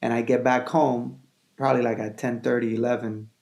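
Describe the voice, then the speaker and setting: A man from Venezuela, a filmmaker guest, telling a story in casual chat, animated, repeating phrases and acting out quotes. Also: medium pitch, a little fast.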